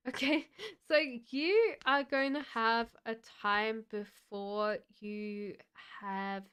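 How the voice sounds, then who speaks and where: A woman giving a live-streamed tarot card reading, speaking gently and haltingly with many fillers. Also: a little high, smooth. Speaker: tarot reader.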